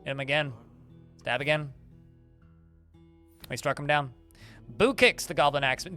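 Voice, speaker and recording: Bright-voiced man streaming a game. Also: fairly high pitch, moderate pace, pauses often, soft background music. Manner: reads game combat log aloud, with fillers and restarts. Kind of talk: livestream gameplay commentary.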